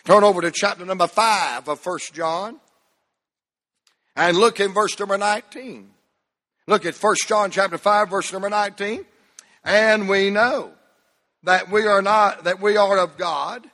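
A preacher, a man with a high and bright voice, delivers a fervent sermon that moves from shouts to near whispers and unhurried, drawn-out phrases. He calls his congregation to read along aloud, and his voice rings out with a long reverb off a large church hall. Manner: fervent preaching, swinging from shouts to hushed drops; leads the congregation in reading aloud. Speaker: pastor.

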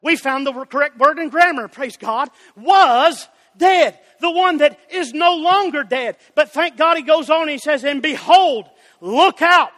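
A man preaching a fiery Baptist sermon, shouting and calling out to congregants by name. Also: very high voice, normal speed. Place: church sanctuary. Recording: church hall with long reverb.

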